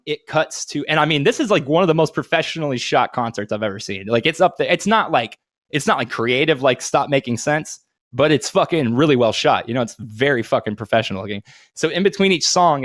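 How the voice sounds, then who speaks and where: Profane, animated man in casual chat. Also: medium pitch, no room sound, studio quality. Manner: profane, rambling, animated storytelling. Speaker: podcast co-host.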